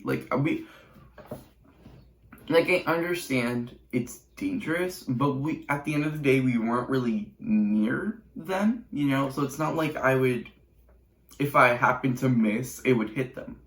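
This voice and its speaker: A man's voice: mid-range voice, measured pace. A teenage boy YouTuber telling a casual storytime vlog with chatty, sarcastic asides and rambling restarts. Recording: roomy echo.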